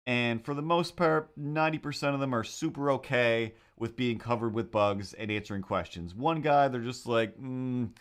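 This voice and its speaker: A man's voice: medium pitch, moderate pace, hardly any pauses. A man hosting a drawing livestream, chatting casually in a rambling, sarcastic way with frequent restarts. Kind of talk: casual chat.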